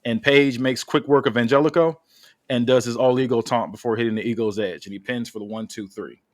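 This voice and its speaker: A man's voice: medium pitch, fairly even intonation, fairly quick. A man hosting a podcast, casually reading out a wrestling story with many fillers. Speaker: podcast host.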